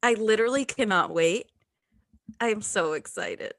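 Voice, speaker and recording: Female podcast co-host, lively up-and-down pitch, dry close mic, giggly and eager. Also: normal speed, no room sound. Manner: giggly, enthusiastic, earnest. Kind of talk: casual chat.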